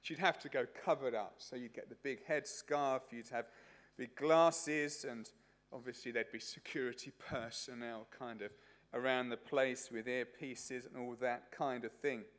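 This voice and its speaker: A man preaches at a church service, middle-pitched and conversational. He slips in plenty of ums and uhs as he tells his story. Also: steady tone, a little slow, fairly bright tone. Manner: chatty, anecdotal, with many fillers. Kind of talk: sermon.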